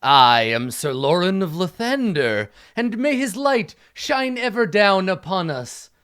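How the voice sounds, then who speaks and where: A man's voice: sits high, big pitch swings, unhurried, a bit bright, clear, resonant tone, pitched above the performer's own voice, heavily acted. A man voicing a pompous, clueless male knight who talks in stiff, grandiose formal speech.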